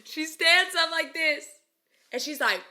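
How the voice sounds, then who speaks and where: A woman with a high, bright voice tells stories in a lively, casual vlog. She is animated and laughs often between her lines. The tone stays bright and energetic throughout. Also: a little slow. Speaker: vlogger and music creator.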